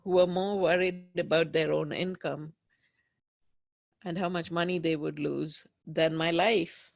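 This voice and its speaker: A woman leading a guided tapping session, speaking slowly and emphatically as she voices raw anger and fear. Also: deep voice, steady tone, gravelly, dry recording. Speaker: tapping practitioner.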